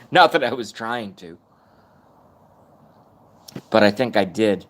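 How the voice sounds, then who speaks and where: A man's voice: lowish voice, lively intonation, slow pace, a bit bright. Thirties male streamer, loose self-mocking rant, lots of swearing. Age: 30s. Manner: profane, rambling, self-mocking. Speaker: live streamer. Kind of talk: casual rant on a live stream.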